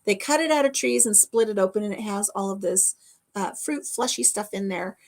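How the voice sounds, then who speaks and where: A woman's voice: mid-range voice, fairly quick, darkish tone. A middle-aged woman from the American Midwest talks with her viewers in a loose, homespun way. She rambles from topic to topic and stops to answer comments as they come in. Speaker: vlogger. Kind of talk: casual chat to a live audience.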